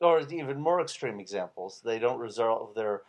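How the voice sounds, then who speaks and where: A man's voice: on the low side, expressive, normal speed. A man co-hosting a casual talk show, trading wry, jokey asides. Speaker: co-host.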